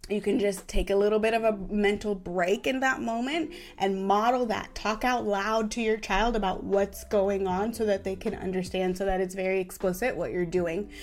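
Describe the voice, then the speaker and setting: A woman in her thirties hosting a parenting talk, animated and casual, who keeps checking in with "right?". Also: medium pitch, moderate pace, few pauses. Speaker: parenting podcast host.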